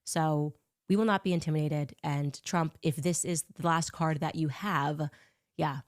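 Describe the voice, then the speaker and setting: A woman with a notably low voice speaks in a combative, accusatory way, laying out a pointed statement. The sound is close and dry, with no room around it. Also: steady tone, a little slow, no echo. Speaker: commentator. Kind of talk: recorded statement.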